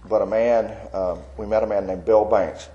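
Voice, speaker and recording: With a lowish, dark, steady voice at a moderate pace, an older man, a Christian artist, gives his testimony of faith. He tells it in a folksy, wandering way packed with fillers, and the audio is dull with slight background noise.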